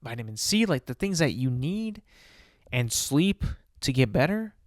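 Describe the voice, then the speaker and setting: Young male podcast host, mid-pitched, exasperated rant style, dry close-miked sound. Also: sing-song, unhurried, dry recording. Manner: exasperated ranting, many fillers and rhetorical questions.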